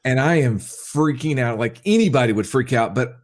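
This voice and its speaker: A man telling a wild story as a podcast guest, excitable and quick to laugh, quoting people as he goes. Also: medium pitch. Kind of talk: animated storytelling.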